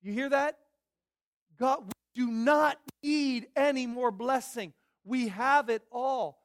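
A man's voice: very high-pitched, slow. A man preaching a Sunday morning sermon as pastor, emphatic, repeating phrases and asking the congregation questions.

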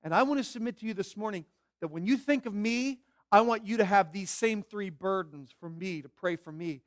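Man, pastor, sermon, high-pitched, emphatic, repeats key phrases, asks questions. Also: brisk. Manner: emphatic preaching with repetition and questions.

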